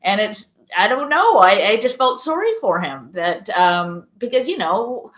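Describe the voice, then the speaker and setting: A woman co-hosts a podcast in casual chat, outspoken and argumentative, talking in quick runs. Her voice is medium-pitched, sing-song, and fairly bright, recorded in an echoey, dull-sounding room.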